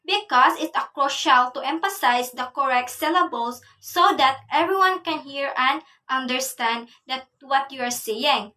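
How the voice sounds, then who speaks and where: Young filipina student reading her report, slow and high pitched, mic kinda far away. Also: sharp tone. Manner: measured, reading from notes. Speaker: student presenter. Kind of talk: class report read from notes.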